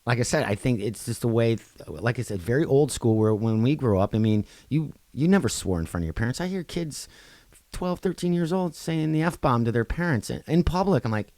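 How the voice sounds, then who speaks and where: A man co-hosting a podcast in casual chat, getting loud and animated when he tells a story, then dropping low. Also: fairly quick, dry recording. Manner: animated, swings loud for quoted outbursts, then drops low. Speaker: podcast co-host.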